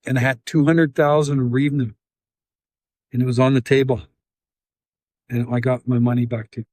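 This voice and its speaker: A Canadian man telling a story in an interview, acting out scenes with sound effects and halting restarts. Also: mid-range voice, no room sound, clean studio sound. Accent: Canadian English. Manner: animated, acts out scenes with sound effects and quoted voices. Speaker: interview guest, volunteer.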